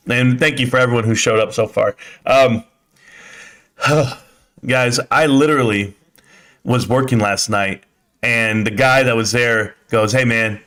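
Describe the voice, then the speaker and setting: A middle-aged man hosts a casual livestream rant. He is blunt and swaggering, and mocks his critics as he talks straight to his viewers. His voice sits at an ordinary middle pitch for a man. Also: a bit bright. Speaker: livestream host.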